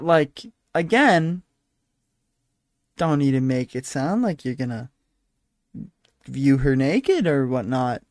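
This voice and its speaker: A man's voice: fairly high pitch, darkish tone, no echo, studio quality. A tired young man hosting a solo podcast, rambling and apologizing, talking into a handheld mic at his desk at home. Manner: rambling, self-deprecating, apologetic. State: tired, yawning. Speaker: podcast host. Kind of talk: solo casual podcast chat. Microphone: handheld microphone.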